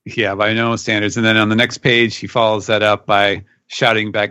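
Male podcast panelist, low-ish bright voice, casual recap with quick character voice bits. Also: flat delivery, smooth, dry recording. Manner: retells scenes, briefly pitching up to act out quoted lines. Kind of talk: casual manga recap chat.

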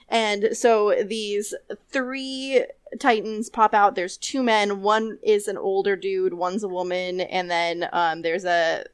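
A young woman co-hosting a podcast, recapping a TV episode in casual chat, animated, laughing often and swearing now and then. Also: medium pitch, dry recording. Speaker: podcast co-host.

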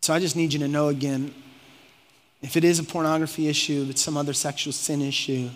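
A male pastor preaching a sermon, moving from calm teaching to fervent exhortation and voicing imagined conversations. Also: fairly high pitch, fast. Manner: preaching with rising intensity, acts out quoted speech. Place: church auditorium. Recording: long reverb of a large hall.

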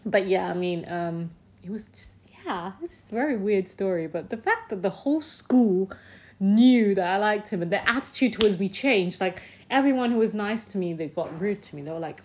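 A young woman, telling personal stories in a casual, animated way with frequent laughs. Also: medium pitch, a little fast, a little hiss or hum. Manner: chatty and animated, with frequent laughs and acted-out quotes. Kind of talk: casual storytelling to camera.

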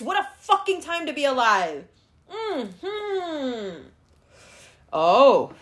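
A woman's voice: sits high, very animated, extremely slow, long pauses. A woman hosting a solo podcast, ranting in a heated, sarcastic and profane way. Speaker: podcast host.

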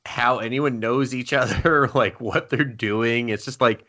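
A young adult man co-hosting a podcast in casual chat, animated and laughing, swearing freely and acting out scenes. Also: mid-range voice, a little slow, few pauses. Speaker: podcast co-host. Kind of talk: casual chat reviewing anime.

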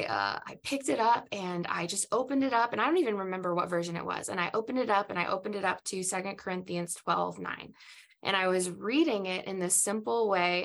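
A woman raised in Southeast Asia appears as a podcast guest, sharing a personal faith story earnestly and reflectively. Her mid-range voice is creaky and fairly bright, and she halts and restarts as she goes.

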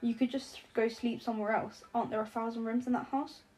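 A woman voicing a drowsy, dry-witted young man, teasing in a deadpan, mock-solemn way. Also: on the high side, brisk, soft background music, natural voice.

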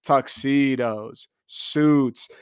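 A man's voice: medium pitch, very slow, smooth, clean studio sound. Guy doing a sweary hyped-up comedy rant, no room echo at all. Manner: excitable, profane, riffing with mock quotes. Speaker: comedic commentator.

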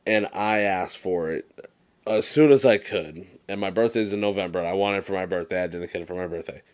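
A young man with a very low voice co-hosts a casual chat podcast, speaking briskly. He tells stories with animated energy, swears freely, and slips into quoted movie lines.

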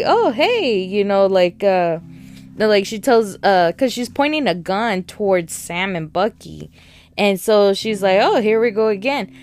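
A woman reviewing new shows in a casual, chatty way, excitable and full of fillers. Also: medium pitch. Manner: chatty and excitable, many fillers, laughs while talking. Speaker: podcast host reviewing shows.

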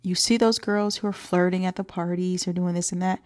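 A woman's voice: on the low side, fairly even intonation, fairly quick, a little mellow. A young adult woman hosting a solo podcast, talking earnestly and coaching her listeners, sometimes dropping to a whisper for emphasis. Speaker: podcast host. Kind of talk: solo podcast talk to single moms.

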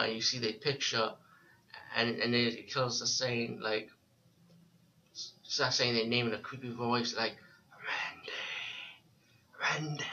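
A man talks through a film review in a loose, rambling way, stopping and restarting his sentences. His voice has a bright, forward edge. The recording sounds dull and lo-fi. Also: medium pitch, slight background noise. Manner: rambling, with frequent restarts and filler words. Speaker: movie reviewer. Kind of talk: casual spoken film review.

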